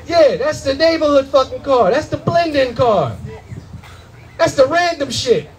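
A young adult man doing a loud, animated stand-up comedy set in a comedy club, full of profanity and acted-out voices. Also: extremely high pitch, unhurried, rough recording.

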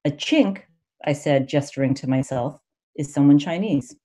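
Low, mellow woman reading an essay. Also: normal speed. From United States. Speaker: MFA student reader. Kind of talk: reading her own essay aloud.

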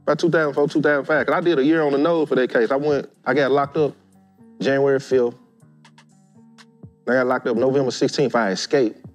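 Man in his thirties; lively podcast storyteller who does voices for everyone; faint music bed. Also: medium pitch, fairly quick. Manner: animated, acts out quoted voices. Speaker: guest storyteller. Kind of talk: casual storytelling.

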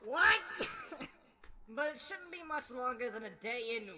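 A woman's voice: on the high side, expressive, measured pace, heavy background noise. A woman voicing a blustering, irreverent ancient emperor in a fan animation, hamming it up. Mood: dismissive. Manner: hammy, switching between silly put-on voices.

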